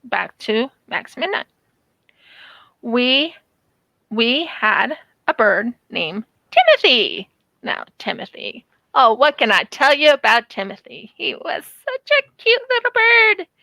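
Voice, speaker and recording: A high-pitched woman tells childhood stories at an easy, slow pace. She is animated and acts out the quotes in her stories, and her voice sounds close and dry. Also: gravelly, no echo. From United States. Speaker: craft channel vlogger. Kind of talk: casual storytelling while crafting.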